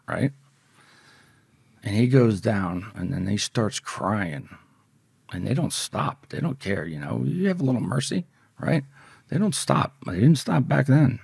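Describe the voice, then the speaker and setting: A man tells a story from his past in casual, profane, vivid speech, often acting out the voices of the people in it. His voice is fairly low, creaky, husky, and darkish, with no echo.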